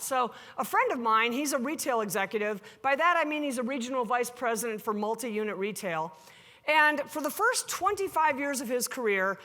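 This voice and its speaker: High-voiced woman speaking in a reverberant hall. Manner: animated storyteller acting out dialogue, playful with the audience. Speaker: keynote speaker. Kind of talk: live conference keynote. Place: large hall before an audience.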